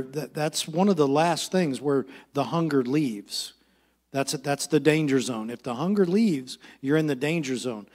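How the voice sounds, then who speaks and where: A man leading a Bible study, enthusiastic, reading scripture slowly and commenting on it. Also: a little high, darkish tone. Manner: enthusiastic, reads verses slowly.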